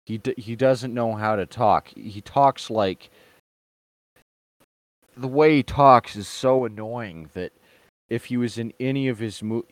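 A man's voice: mid-range voice, a little slow, pauses often, no room sound. A man hosting an online show, giving casual and sarcastic reaction commentary in a mocking tone. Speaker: online video host.

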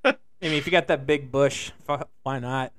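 A man's voice: medium pitch, normal speed, fairly bright tone. A young man co-hosting a podcast, joking loosely and swearing in casual banter. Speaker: podcast co-host.

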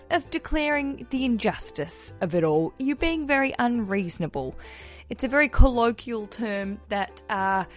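A woman with an Australian accent hosting a casual interview, chatty and lively in her asides. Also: medium pitch. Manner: chatty, laughing asides, animated quotes. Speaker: podcast host.

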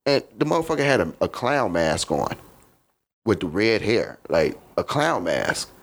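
A man's voice: fairly low pitch, big pitch swings, measured pace, creaky. A man from Chicago, a comedian guest in a podcast studio, telling a rambling, profane story in a casual way and often asking "you know what I mean".

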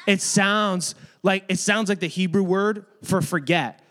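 This youth or kids' ministry teacher speaks directly to a group of children, giving a casual, chatty Bible lesson. His high, slightly bright voice moves a little slowly.

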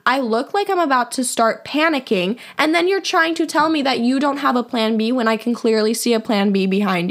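A young woman hosting a podcast and telling a personal story in a casual, animated way, full of "like" fillers. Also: on the high side. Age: young adult. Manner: chatty, heavy on "like" fillers; animated, acts out quoted voices. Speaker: podcast host.

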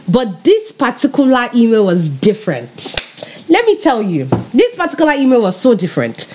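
A bubbly woman pastor in her thirties tells her personal testimony with a Nigerian accent that carries some British influence. Her voice rises and falls in a wide, animated melody. She laughs often and speaks straight to her viewers. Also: a little high, moderate pace, a little hiss or hum. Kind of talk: personal faith testimony, casual storytelling.

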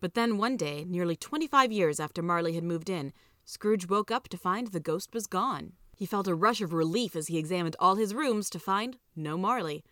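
Woman narrator, storybook reading, measured and even, lowish voice, dry close sound. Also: no room sound.

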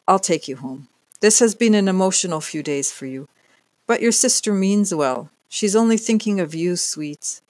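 A storyteller puts on a smooth-talking man in an audiobook who seems caring. His delivery is soothing and gentle. The sound is dry and close. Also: medium pitch, expressive, normal speed, no echo, lightly acted.

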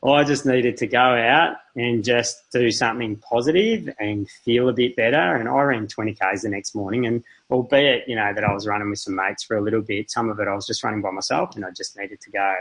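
A man's voice: fairly low pitch, a little fast, few pauses, fairly bright tone, rough recording. A man, a podcast guest telling stories in a casual, rambling, self-deprecating way with many fillers and restarts. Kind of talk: casual interview storytelling.

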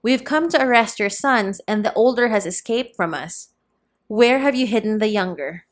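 A woman's voice: on the high side, expressive, moderate pace, natural voice. A woman reading as a stern threatening soldier. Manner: commanding, threatening.

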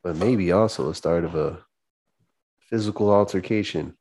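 A laid-back man co-hosts a podcast, chiming in with short reactions and the odd question. His low voice stays easygoing and conversational. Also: normal speed, a little mellow, breathy edge. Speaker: podcast co-host. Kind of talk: casual chat.

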